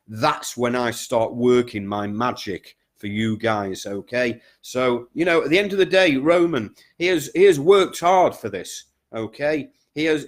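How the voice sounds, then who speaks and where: A man who coaches business students, talking straight to them and repeating his points with frequent "okay?" and "guys". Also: mid-range voice. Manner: repetitive, emphatic, keeps checking in with "okay?" and "guys". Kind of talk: direct-to-camera coaching talk.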